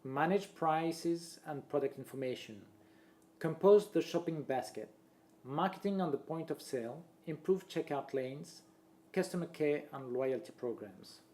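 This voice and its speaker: A man, a presenter reading a marketing talk aloud in a steady voice and listing points one after another. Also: a little high, a little slow. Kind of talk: read-aloud presentation voice-over.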